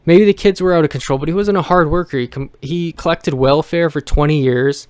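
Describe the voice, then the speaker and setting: A man's voice: a little high, moderate pace, smooth, dry recording. A man venting emotionally to camera in a personal vlog rant, blunt and profane, rambling with restarts. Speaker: vlogger.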